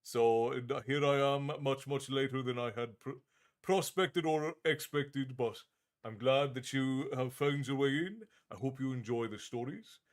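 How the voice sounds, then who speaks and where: A man's voice: medium pitch, measured pace. A man hosting a livestream in a tavern-keeper persona, chatting casually and reading out viewer comments in a friendly, easygoing way with frequent restarts.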